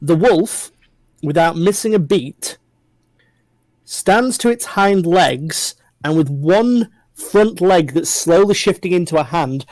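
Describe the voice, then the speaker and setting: A man's voice: a little high, darkish tone, no echo, low-quality recording. Man narrating as a tabletop game master. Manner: descriptive, loose narration with frequent fillers.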